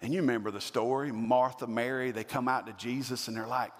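A man's voice: medium pitch, fairly even intonation, brisk, hardly any pauses, in a large hall. A man preaching a sermon as pastor, building to emphatic repeated questions. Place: church sanctuary.

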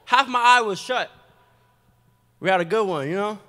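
A young adult man preaching a testimony sermon in a church, animated and storytelling, with quick asides. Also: high-pitched. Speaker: guest preacher giving testimony. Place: church sanctuary. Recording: long hall reverb.

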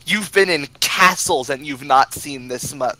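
A man narrating a tabletop game as game master, halting with many fillers. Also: a little high, pushed and bright.

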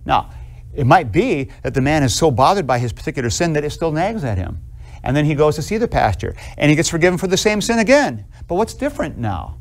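A man teaching theology in a classroom lecture, animated and conversational, asking students questions and acting out little scenes. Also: fairly high pitch, a little fast. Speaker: theology professor.

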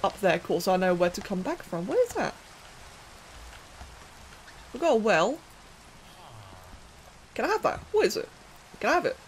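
A young woman giving chatty, excitable let's-play commentary, thinking aloud and talking to the characters on screen. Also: medium pitch. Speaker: gaming channel host.

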